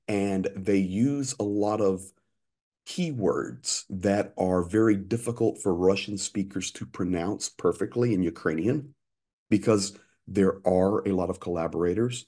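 A man in his fifties, an interview guest telling lively anecdotes with frequent restarts. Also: sits low. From United States. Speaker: interview guest, aid worker. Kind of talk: conversational storytelling.

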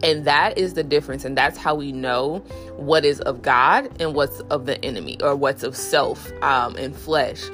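A woman's voice: moderate pace, a bit bright, faint music behind. A woman hosting a podcast, talking candidly about faith with many fillers, restarts and acted-out voices. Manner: acts out inner voices with raised pitch. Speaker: podcast host. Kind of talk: casual faith talk.

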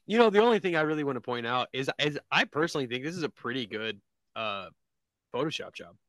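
Dry, deadpan man reading memes aloud. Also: mid-range voice, fast, no echo. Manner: deadpan, laughs at his own reading. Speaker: podcast co-host reading memes. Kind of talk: casual chat. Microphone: video call.

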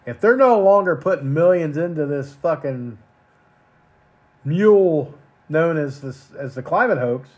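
A fairly high-voiced man rants angrily into his podcast mic, crude and profane. He often repeats words as he pushes ahead, sounding heated and indignant. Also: lively intonation, a little slow. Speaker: podcast host. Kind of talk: profane ranting monologue.

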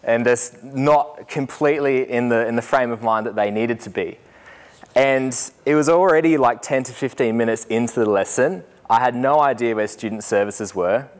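A young man, a student teacher telling a lively story to a group and laughing as he goes. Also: medium pitch, normal speed. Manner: animated, laughing, acts out voices in anecdotes. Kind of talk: storytelling talk.

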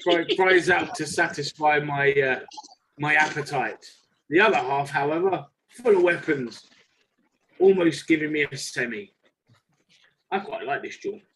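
A man playing a tabletop role-playing game, joking and hesitating, with lots of pauses. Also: on the high side, fairly bright tone, a little hiss or hum, low-quality recording. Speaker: player.

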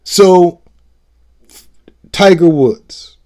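Male show host, slightly higher-pitched voice, blunt and profane, hammering his points in a solo commentary. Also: very slow, mellow. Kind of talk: political commentary monologue.

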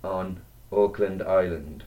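A man's voice: sits low, slow pace, dark tone. A man co-hosting a casual podcast, sweary and jokey, reading out a countdown list. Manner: sweary, jokey, laughs often. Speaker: podcast co-host. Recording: distant mic, dull lo-fi sound.

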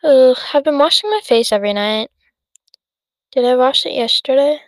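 An eighteen-year-old podcast host speaks on her own show in a voice that sits high, with lively intonation and a moderate pace. Despite that, she sounds tired and yawns as she rambles through casual chat, full of fillers and self-interruptions. There's no room sound.

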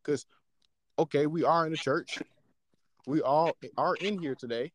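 A man in casual podcast chat, talking in an animated, slangy way and checking in with his listeners as he explains. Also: fairly high pitch, unhurried, no echo. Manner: animated, slangy, often asks "you know what I'm saying". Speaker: podcast co-host.

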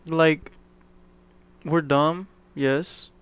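A young man co-hosting a casual podcast, cutting in with dry jokes and quick comments. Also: fairly high pitch, steady tone, a bit bright, clean tone. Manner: wry interjections, joking. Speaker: podcast co-host. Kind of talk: casual chat.

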